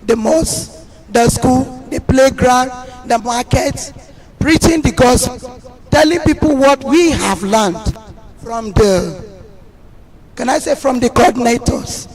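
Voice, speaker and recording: A hoarse woman with a Nigerian accent, speaking as a community representative at a public meeting, earnest and grateful, with many restarts. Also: high voice, takes it slowly, a little mellow, soft background music. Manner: earnest, thanking, rambling with restarts.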